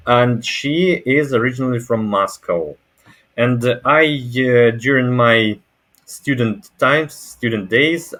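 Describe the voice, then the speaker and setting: A man's voice: medium pitch, a bit bright. Hesitant Russian-accented man. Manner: hesitant, many fillers and restarts. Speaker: language exchange partner. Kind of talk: casual conversation. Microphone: video call.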